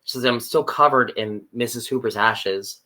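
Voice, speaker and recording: A man in casual podcast conversation, retelling a TV episode scene by scene. His voice sits at a middle pitch. He slips into the characters' lines with an animated, storytelling manner. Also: normal speed. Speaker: podcast co-host. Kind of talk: casual chat recapping a TV episode.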